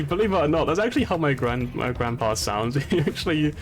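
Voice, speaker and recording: English guy streaming a game, kinda high voice, rambles and laughs a ton, faint music under it. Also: quick pace. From England. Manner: rambling and animated, laughs often, many restarts. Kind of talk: casual gaming commentary.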